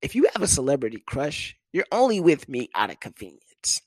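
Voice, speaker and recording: Animated, profane young man telling a story. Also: brisk, no room sound. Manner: profane, animated, jumps into high-pitched voices for quoted people. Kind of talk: casual storytelling monologue.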